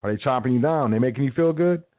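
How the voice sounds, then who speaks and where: Speaking quickly in a mid-range voice, a man hosts a radio program full of casual pep talk, big-brother slang, and acted-out quotes. There's no room sound, and the audio is thin and tinny, as if over a phone.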